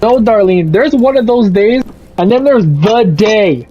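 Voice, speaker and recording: Young male streamer, high-pitched, profane storyteller; lo-fi mic with soft music bed. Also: measured pace, a little hiss or hum. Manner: profane, animated storytelling with quoted voices. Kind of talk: casual rant over gameplay. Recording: slightly muffled, faint music.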